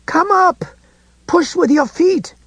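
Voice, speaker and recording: A man voicing a terrified older woman who shouts urgent warnings, his own voice pushed far higher and louder into a frantic, shrill cry. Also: lively intonation, slow pace, dry recording, exaggerated voice. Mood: frantic, pleading. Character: frightened older woman screaming for help.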